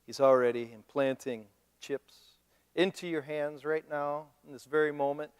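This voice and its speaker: A man preaching a sermon as pastor, animated and joking, mimicking the people he talks about. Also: on the high side, normal speed, smooth. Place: church sanctuary. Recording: long reverb of a church hall.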